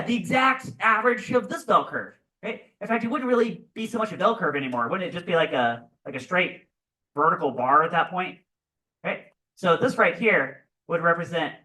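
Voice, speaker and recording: A male physics teacher giving a classroom lecture, animated and constantly checking in with "right?". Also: sits high, far from the mic, low-quality recording. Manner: animated, keeps asking "right?".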